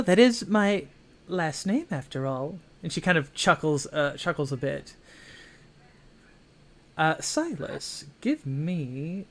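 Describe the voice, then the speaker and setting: A man running a tabletop game, speaking slowly with a gravelly edge to a somewhat high voice. He hesitates often, filling gaps as he narrates the scene. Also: a bit bright. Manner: halting, full of fillers. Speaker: game master.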